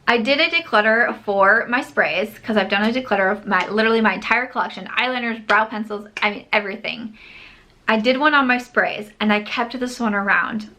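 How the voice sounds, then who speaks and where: Bright-voiced chatty woman vlogger. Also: on the high side. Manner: chatty, emphatic, scolding herself. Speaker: beauty vlogger. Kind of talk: casual vlog chat.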